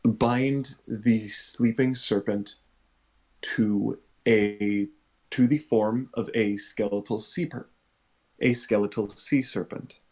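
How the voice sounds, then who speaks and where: A man playing a character at a tabletop game, explaining things in a measured, earnest way. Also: lowish voice, steady tone, a little mellow, low-quality recording. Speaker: player.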